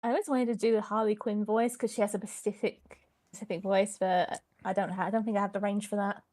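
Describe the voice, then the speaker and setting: A woman's voice: mid-range voice, little pitch movement, fast, a little mellow. A woman chatting casually as a stream guest, playful and giggly. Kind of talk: casual chat.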